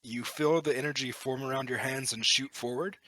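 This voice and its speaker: A man narrates as game master, describing scenes and calling for dice rolls with relaxed good humor. His voice is bright, the sound is dry, and he has the pace of an easy storyteller. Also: medium pitch, a little fast, no echo.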